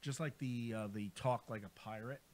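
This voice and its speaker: An American man chatting casually as a co-host, rambling and quick to laugh. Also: mid-range voice, darkish tone. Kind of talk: casual radio chat.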